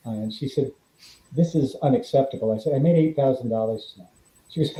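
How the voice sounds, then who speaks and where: Dark-voiced man telling stunt stories. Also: medium pitch, fairly quick, reverberant, rough recording. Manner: animated anecdote-telling, acts out quoted dialogue. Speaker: guest, former stuntman. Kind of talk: storytelling in a podcast interview.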